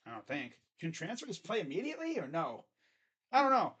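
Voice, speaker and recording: A man's voice: high voice, huge pitch swings, brisk, a bit bright, husky. A man hosting his own channel, giving casual sports predictions in a rambling, self-correcting way. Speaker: host. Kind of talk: casual sports picks commentary.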